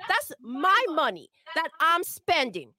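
Fiery high-voiced woman ranting. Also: sing-song, takes it slowly, sharp tone, dry recording, studio quality. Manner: fiery, profane, emphatic. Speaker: co-host. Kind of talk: heated gaming rant.

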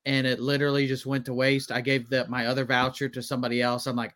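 A man co-hosting a comedy podcast, tossing in quick jokes during casual banter. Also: medium pitch, little pitch movement, a bit bright. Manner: quick joking interjections. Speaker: podcast co-host.

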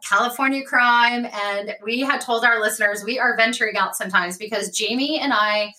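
A woman co-hosts a podcast in easy, chatty conversation. Her voice sits a little high and rings bright. She shares facts with eager enthusiasm. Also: brisk. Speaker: podcast co-host. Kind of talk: casual chat.

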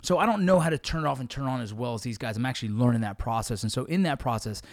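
A man's voice: medium pitch, expressive, racing, dry recording. A man hosting a podcast in casual chat, slangy and profane, calling his guest bro and dog. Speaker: podcast host; actor.

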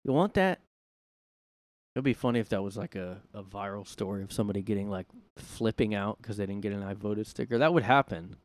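A man's voice: on the low side, fairly even intonation, fast, few pauses, dry recording. Sarcastic rambling male podcaster. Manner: sarcastic, rambling, mocks with put-on voices. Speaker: podcast host. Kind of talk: casual solo podcast monologue. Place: room at home.

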